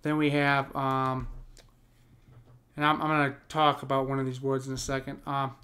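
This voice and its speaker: Explaining poetic meter, this American poetry teacher speaks at a moderate pace in a medium-pitched voice that is bright and forceful yet completely flat. The casual screen-share lesson is full of fillers and restarts as he thinks aloud.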